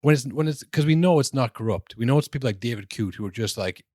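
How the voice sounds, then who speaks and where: A man's voice: medium pitch, animated, quick pace, dark tone, no echo, studio quality. A man in his twenties or thirties, co-hosting a podcast, ranting casually about football refereeing with lots of swearing and restarts. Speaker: podcast co-host.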